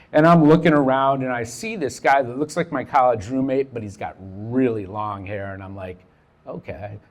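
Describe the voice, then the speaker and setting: A middle-aged man telling a personal story in a casual, profane way, acting out the dialogue as he goes. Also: medium pitch.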